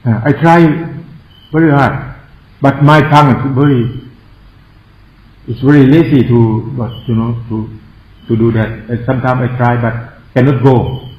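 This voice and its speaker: A Thai-accented man teaches meditation in a slow, unhurried way. He spells out words, repeats himself, and jokes at his own expense. His voice sits in a middle pitch and the sound is dull and lo-fi, bouncing around an echoey hall. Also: steady tone. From Thailand. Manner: slow, repetitive, explains words and spells them out; self-mocking humor, chuckles often. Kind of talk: meditation class instruction.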